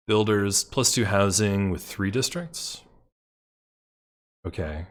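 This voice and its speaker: A gameplay commentator with a fairly low voice speaks slowly and pauses often as he works through a strategy game. His talk is loose and offhand, mixing muttering and bursts of excitement with free swearing after bad moves.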